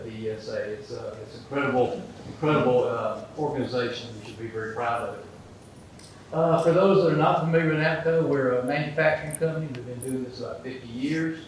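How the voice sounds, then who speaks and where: A man representing a sponsor, pitching his company in a jokey, upbeat way. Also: a little hiss or hum. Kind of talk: conference pitch with a joke. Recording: very echoey hall, speaker far from mic.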